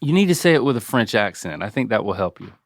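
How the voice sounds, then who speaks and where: A man's voice: lowish voice, very animated, fast. A man in his forties on a casual podcast, playfully coaching his father through pronunciations and spelling words out letter by letter. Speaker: podcast co-host, son quizzing his father. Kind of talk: casual chat.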